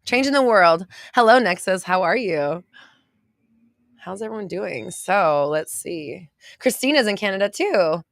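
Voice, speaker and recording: Chatty valley-girl woman podcast host, slightly low voice, dry close recording. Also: lively intonation, unhurried, gravelly, no room sound. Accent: American valley girl. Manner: bubbly, chatty, lots of fillers and laughs. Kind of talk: casual livestream chat reading viewer comments. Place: home studio.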